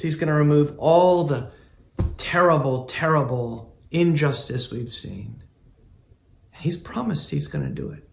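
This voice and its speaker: A male pastor giving a sermon, earnest and emphatic, with pauses between phrases. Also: a little high, roomy sound.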